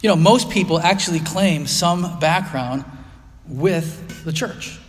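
Earnest pastor in a reverberant hall. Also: male voice, a little high, slow. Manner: earnest, emphatic preaching with frequent fillers. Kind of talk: sermon.

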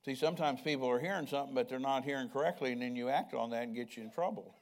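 A man's voice: mid-range voice, racing. An older man preaching a sermon in a conversational way, often asking the congregation questions. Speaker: pastor.

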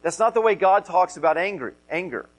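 A man's voice: sits high, animated, brisk, poor audio. Earnest male pastor preaching. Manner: earnest, repeats himself, stresses key phrases. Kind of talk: sermon.

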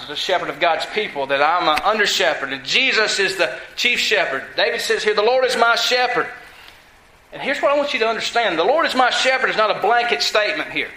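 A man's voice: high-pitched, bright, forceful tone, roomy sound, poor audio. A male pastor preaching a sermon, asking the congregation questions and repeating lines for emphasis.

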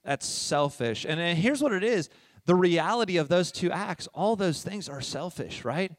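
A middle-aged pastor preaching a sermon in a conversational way, often checking in with "all right?" and moving from soft asides to loud emphasis. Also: male voice, high voice, expressive, moderate pace, no room sound, studio quality.

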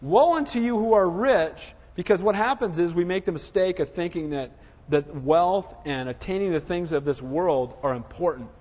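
A male pastor preaches emphatically from the pulpit in a high voice for a man, calling out to his congregation for an "Amen?" His voice rings out through a long hall reverb on a dull, lo-fi recording. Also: moderate pace. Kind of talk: sermon.

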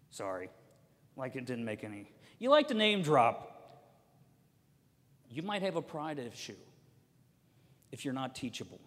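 A man preaching a sermon as a pastor, telling stories and swinging between loud emphatic lines and soft quiet ones. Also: on the high side, animated, normal speed, pauses often, big-room sound.

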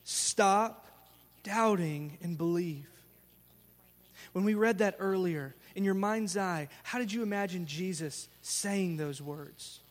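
A man preaching a sermon as pastor, telling the story with lively, casual slang. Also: high voice, unhurried, hardly any pauses, big-room sound. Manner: animated storytelling, acting out scenes with casual slang.

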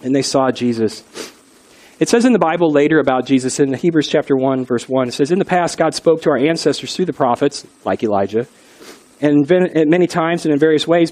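A man's voice: a little high, brisk, a little mellow. A middle-aged male pastor giving an earnest, conversational sermon and telling stories along the way. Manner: earnest, conversational preaching with storytelling.

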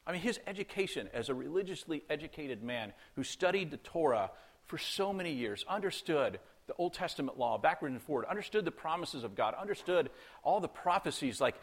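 A man's voice: a little high, big pitch swings, a little fast. Male pastor, conversational sermon delivery, rhetorical questions, dramatized quotes.

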